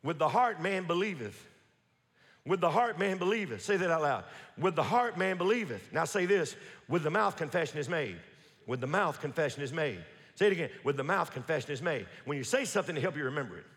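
A male preacher with a high, swooping voice, stressing and repeating his points as he drives the sermon. He keeps calling the congregation to say lines back to him. The sound carries a long reverb from a large church hall. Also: very animated, a bit bright. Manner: emphatic, repetitive, leads the congregation in call-and-response; quick rhetorical questions and restarts. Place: church sanctuary.

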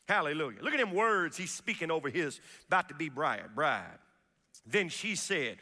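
Animated preacher man, bright and echoing. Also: a little high, normal speed. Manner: animated preaching with folksy asides and call-outs to the congregation. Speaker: pastor. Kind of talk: sermon.

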